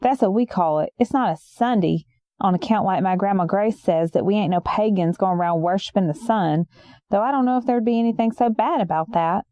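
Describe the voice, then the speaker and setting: Young woman storyteller, folksy and rambling, mellow, dry close sound. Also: mid-range voice, a little fast, no room sound. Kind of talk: first-person story reading.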